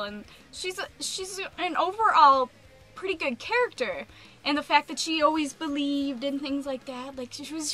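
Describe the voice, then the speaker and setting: A young adult woman vlogging a casual rant, animated and exasperated, peppering her speech with "like.". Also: high-pitched.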